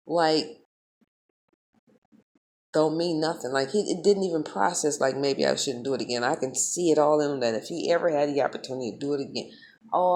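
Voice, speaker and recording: Speaking straight to her audience, a vlogger with a low voice tells a story. Her manner is heated, profane and animated, in the loose flow of a casual vlog.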